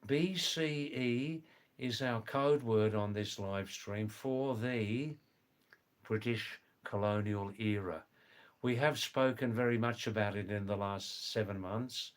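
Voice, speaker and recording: A man hosting a casual livestream from indoors, chatting with viewers, greeting them by name and often laughing. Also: medium pitch. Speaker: livestream host. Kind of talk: casual livestream chat, reading comments. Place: indoors, during a power cut.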